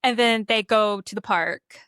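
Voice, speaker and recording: A woman's voice: medium pitch, measured pace, fairly bright tone, clear, resonant tone, dry recording, studio quality. A young woman co-hosting a podcast, chatting casually and animatedly about a film and acting out the characters' lines. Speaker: podcast co-host. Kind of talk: casual chat recapping a movie.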